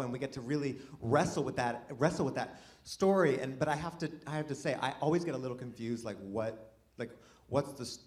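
A man performing a stand-up comedy set, chatty and self-deprecating, rambling with restarts. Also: fairly high pitch. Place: comedy venue, live audience. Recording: live venue with audience laughter.

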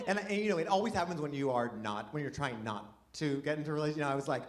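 A man's voice: medium pitch, lively intonation, quick pace, few pauses. A man performing a stand-up comedy set in front of a live audience, talking in a rambling, self-deprecating way, full of false starts and restarts. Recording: live room with audience laughter. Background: audience laughing.

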